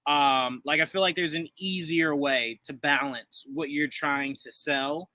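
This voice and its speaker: A man in his thirties co-hosting a casual show review, talking in an animated way and acting out voices as he tells stories. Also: fairly high pitch, a little slow, no room sound. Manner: animated, acts out quoted voices. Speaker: podcast co-host.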